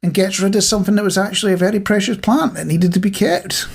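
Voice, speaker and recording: A man's voice: sits high, fast talker, gravelly, breathy edge. A Scottish man co-hosting a podcast, chatting casually with a playful, mock-conspiratorial manner. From Scotland. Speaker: podcast co-host. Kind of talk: casual chat.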